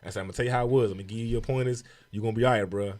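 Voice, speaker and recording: A young man from Baltimore with a Baltimore accent, telling a profane, animated story on a casual podcast. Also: medium pitch, very fast. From Baltimore, USA. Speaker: comedian guest.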